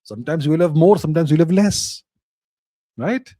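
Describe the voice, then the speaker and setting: Male host, slightly high mellow voice, emphatic repetition, dry close sound. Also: expressive, moderate pace, no echo. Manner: reads viewer questions aloud, then answers in short emphatic, repeated phrases. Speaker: host answering live chat questions. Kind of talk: casual live Q&A monologue.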